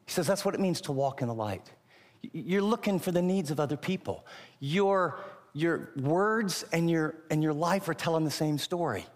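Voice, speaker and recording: A man preaching a sermon as pastor, emphatic and pausing on key words. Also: on the high side, lively intonation, long reverb tail.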